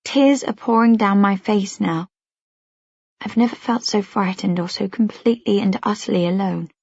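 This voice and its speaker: A woman reading a first-person audiobook in a hushed voice that often drops to a whisper. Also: mid-range voice, moderate pace, vocal fry, breathy edge, no room sound. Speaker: audiobook narrator. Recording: dull, dry lo-fi audio.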